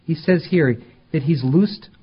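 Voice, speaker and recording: Husky-voiced man preaching a sermon. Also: on the high side, unhurried, dull audio. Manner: conversational preaching that rises to emphatic peaks. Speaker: pastor.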